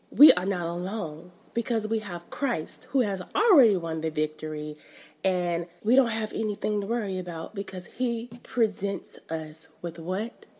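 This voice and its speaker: Woman, young adult, low-pitched, casual devotional teacher, emphatic and chatty. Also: darkish tone. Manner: conversational, emphatic, colloquial. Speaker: faith teacher.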